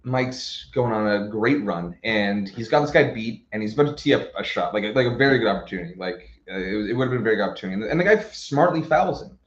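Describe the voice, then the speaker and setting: A man co-hosting a football podcast, telling a match story in animated casual chat with restarts and swearing. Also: fairly low pitch, fast talker, hardly any pauses. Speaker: podcast co-host. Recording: roomy, dull lo-fi sound.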